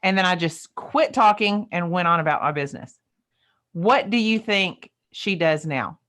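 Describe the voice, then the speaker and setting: A woman's voice: fairly low pitch, animated, normal speed, a bit bright. A woman, co-hosting a casual coaching chat and telling stories in an emphatic, folksy way.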